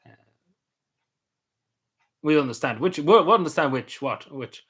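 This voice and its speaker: A man with a Cavan Irish accent talks casually on a live stream, reacting to viewers' comments. He speaks haltingly, restarting phrases and letting them fade off softly. His voice sits at an ordinary middle pitch for a man. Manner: halting and hesitant, trailing off quietly at ends of phrases. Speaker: livestreamer.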